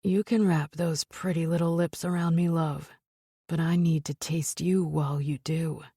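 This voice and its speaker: A woman's voice: fairly even intonation, normal speed, warm tone, slightly rough, dry recording, clean studio sound. Woman voicing a growling, commanding mafia lover. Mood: husky, commanding. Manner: low growling, purring tone.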